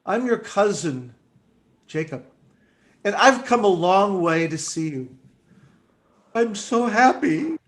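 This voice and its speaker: A man voicing a gentle, tearful young man introducing himself in a told story. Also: high-pitched, lively intonation, slow pace, long pauses. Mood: earnest.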